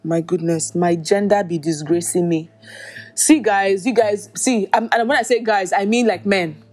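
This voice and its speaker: A woman's voice: medium pitch, normal speed, darkish tone, soft background music. Exasperated woman. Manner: exasperated, incredulous, addresses listeners directly. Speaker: podcast host. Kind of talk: commentary on social media drama.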